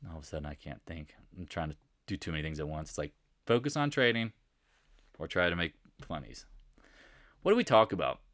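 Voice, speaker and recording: A man's voice: sits low, lively intonation, fairly quick, pauses often, a bit bright, dry recording, clean studio sound. A man giving a casual, jokey trading recap over charts, talking straight to his viewers and answering questions he imagines them asking. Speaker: market analyst host.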